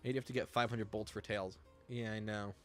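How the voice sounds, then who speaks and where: A man's voice: lowish voice, steady tone, moderate pace, faint music behind. A young man chatting casually while streaming a game, rambling and swearing freely. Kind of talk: casual gameplay commentary.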